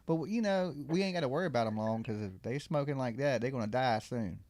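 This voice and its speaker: A man's voice: medium pitch, lively intonation, fast talker, a crowd in the background. A man hosting a live call-in show from his studio, talking in a loose, slangy, joking way and sounding congested. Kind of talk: casual call-in chat. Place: home studio.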